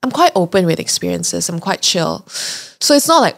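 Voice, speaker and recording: A woman's voice: fairly low pitch, a little fast, vocal fry. A young adult woman hosting a podcast, casually and animatedly telling a travel story with frequent laughs and fillers. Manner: chatty and animated, many "like"s and laughs. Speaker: podcast host.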